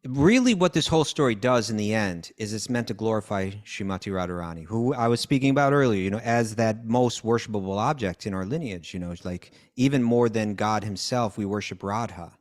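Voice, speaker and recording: A man's voice: on the low side, animated, fairly quick, few pauses. A man telling devotional stories in casual conversation, acting out the characters' lines and often checking in with "you know" and "right?". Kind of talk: conversational storytelling.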